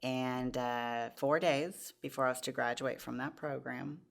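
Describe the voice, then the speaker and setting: A woman's voice: a bass voice, steady tone, a little slow, creaky. A woman in her forties, a podcast guest, earnestly telling her personal testimony with many restarts.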